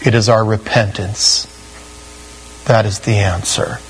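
A man's voice: on the low side, fairly even intonation, measured pace, a little hiss or hum, low-quality recording. A male pastor preaching an expository sermon in a conversational, emphatic way, often saying "you know". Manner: conversational and emphatic, with frequent 'you know'.

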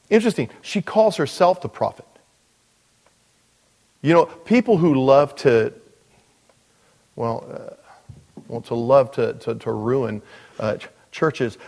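A man, a pastor, preaching a sermon in a relaxed, joking way, with lots of asides. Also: mid-range voice. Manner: conversational, joking, frequent "you know" asides. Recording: long reverb of a large hall.

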